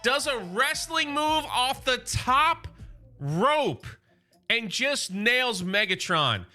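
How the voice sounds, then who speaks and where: Excited high-voiced man recapping a comic. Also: slow, soft background music. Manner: enthusiastic, casual, reads quotes aloud. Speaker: comic book channel host.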